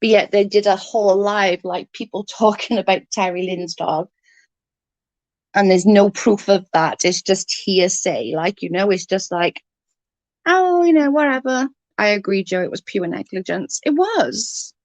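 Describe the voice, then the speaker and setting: A woman's voice: medium pitch, unhurried, darkish tone, no room sound. A woman on a casual livestream, ranting in exasperation, swearing freely and answering chat comments. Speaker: live streamer reading chat comments.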